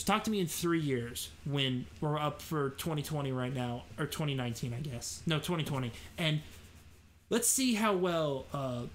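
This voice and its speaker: A man's voice: fairly high pitch, a bit bright, slight background noise. A man hosting a live political commentary show, talking in an opinionated, rambling way with many fillers and restarts. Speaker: host.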